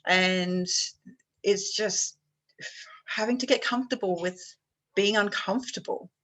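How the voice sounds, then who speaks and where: A woman's voice: mid-range voice, unhurried, fairly bright tone, poor audio. A woman leading a health workshop on a video call, talking in a casual, encouraging way.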